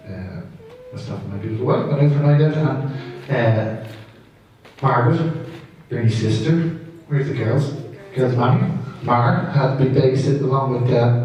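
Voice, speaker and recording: A man's voice: medium pitch, muffled recording. A man, a father of the bride telling funny family stories in a wedding speech, laughing through his punchlines. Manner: warm storytelling with laughing asides. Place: wedding reception hall. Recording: echoey hall from far off with faint room noise.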